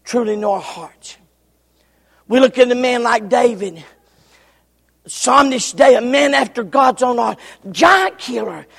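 A man preaching a revival sermon in a church, swinging from shouted lines to hushed, near-whispered ones. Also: very high voice, animated, a little slow, vocal fry, pauses often, slightly rough. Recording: church hall reverb.

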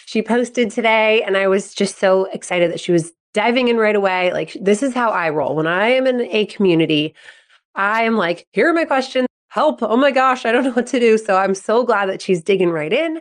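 In her thirties, a woman hosts an advice podcast as a sports psychology coach. She's upbeat and expressive, acting out quotes in a higher voice.

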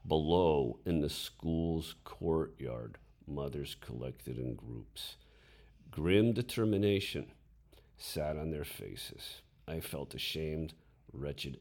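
Deep, slow, dramatic male storyteller. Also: big pitch swings, vocal fry, darkish tone. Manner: dramatic, with voiced inner thoughts. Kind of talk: reading a memoir story aloud.

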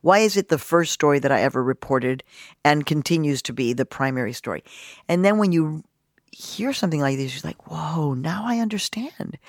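Fifties woman from Mexico, journalist guest, expressive and lively, dry close recording. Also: sits low, a little fast, no room sound. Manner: animated, expressive, acts out quotes. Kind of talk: personal storytelling in an interview.

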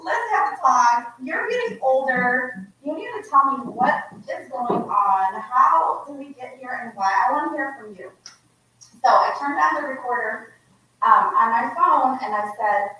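In an echoey room, a distant mic with a little hiss or hum records an American woman author speaking at a measured pace. Her voice sits high as she earnestly and animatedly tells an unprepared, heartfelt personal story to a live audience as a guest speaker.

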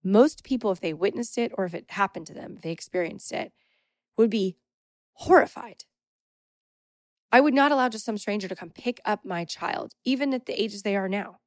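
A woman's voice: medium pitch, animated, fast talker, few pauses, no echo, studio quality. A young adult woman hosting a podcast, telling a personal story in an emphatic, indignant, casual way. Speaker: podcast host.

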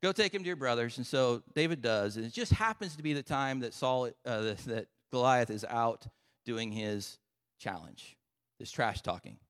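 A man's voice: mid-range voice, lively intonation, measured pace, a bit bright, big-room sound. A man preaching a sermon and retelling a story in a conversational way, with casual asides. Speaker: pastor.

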